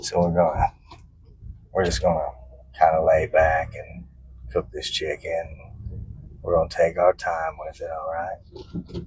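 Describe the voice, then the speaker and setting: A laid-back movie-star drawl, a man putting it on with a voice dropped well below his usual. It comes out low and hushed, every phrase stretched slow. Faint car road noise sits underneath. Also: vocal fry, muffled recording, heavily acted. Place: inside a car.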